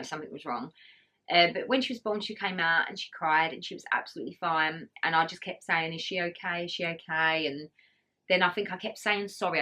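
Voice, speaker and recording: A woman's voice: deep voice, sharp tone. A woman vlogger chatting casually through her birth story, laughing often and acting out what others said. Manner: chatty, laughing, acts out quoted voices.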